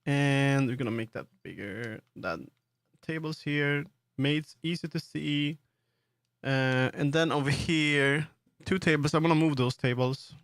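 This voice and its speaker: A man's voice: on the high side, a little slow, fairly bright tone, smooth, no room sound. A man with a Swedish accent, streaming and chatting casually as he builds in 3D, rambling with many fillers and restarts. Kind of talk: casual live-stream commentary while working in 3D.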